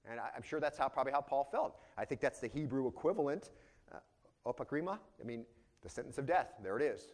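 A man's voice: medium pitch, fairly quick, a little mellow. A man pastor preaching an expository sermon in a conversational way, often tossing rhetorical questions back to his listeners.

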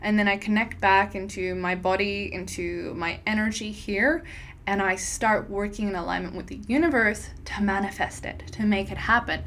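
A woman's voice: mid-range voice, moderate pace, fairly bright tone, a little hiss or hum. A woman talking as a spiritual teacher in a casual monologue, earnest and encouraging, her sentences running long and loose.

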